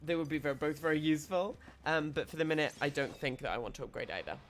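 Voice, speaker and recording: A man's voice: fairly high pitch, quick pace, slight background noise. Casual man explaining gameplay. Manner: explains tactics loosely, with frequent restarts. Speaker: streamer.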